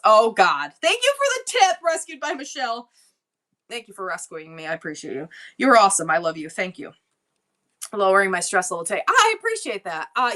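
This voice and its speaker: Woman livestream seller, bright high voice, rambling casual chat, effusive thanks. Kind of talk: casual livestream chat reading viewer comments.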